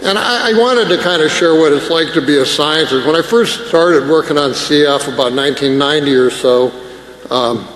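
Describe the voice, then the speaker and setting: A man's voice: a little high, normal speed, a bit bright. A man, a scientist, giving an emotional, self-deprecating conference talk with jokes. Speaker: scientist speaker. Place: large conference hall. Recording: echoey hall with faint noise.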